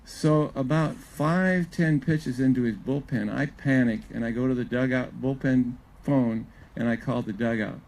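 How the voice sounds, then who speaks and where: An older man, a former pitching coach, telling folksy and humorous stories to an audience at a live event on a wireless mic. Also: steady tone, a little slow, few pauses, darkish tone, rough recording. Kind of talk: storytelling talk at a live event. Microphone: clip-on or wireless event mic.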